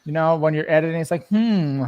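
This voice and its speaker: A man's voice: fairly high pitch, a little fast, a little mellow, clean tone, muffled recording. A man with an East Coast Canadian accent chatting casually on a livestream, rambling and laughing often. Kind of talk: casual chat.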